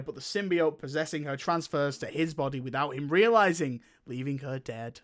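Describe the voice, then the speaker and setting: A man co-hosting a casual film review podcast, rambling through the plot and laughing as he retells scenes. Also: on the high side. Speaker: podcast co-host.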